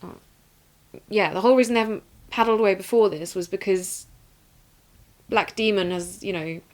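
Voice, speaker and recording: Woman, podcast co-host, casual chat, playfully skeptical, medium pitch. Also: fairly even intonation, normal speed, a little mellow. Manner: playfully skeptical, laughs often.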